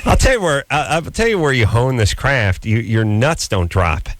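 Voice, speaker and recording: A sarcastic male radio co-host whose pitch jumps around a lot as he riffs. He jokes crudely and fast with callers in loose banter. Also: very animated, a bit bright, no echo. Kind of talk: irreverent call-in banter.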